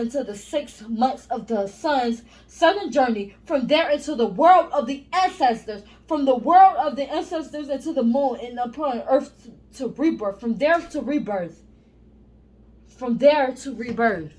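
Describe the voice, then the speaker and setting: A high-pitched woman reads spiritual text aloud and keeps interrupting herself with blunt, profane asides. Her delivery is animated and emphatic, and she often laughs and apologizes over her own stumbles. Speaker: vlogger reading scripture. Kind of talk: casual reading and commentary.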